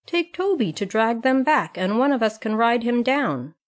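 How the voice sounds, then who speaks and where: Woman doing a lazy schoolboy, high and wheedling. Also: big pitch swings, normal speed.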